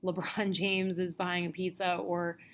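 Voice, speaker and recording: Lady teacher going over slides, kinda low and gravelly, lots of um and uh, super casual. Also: level tone, measured pace. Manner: conversational, explains with many fillers and restarts. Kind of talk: casual narrated slide lecture.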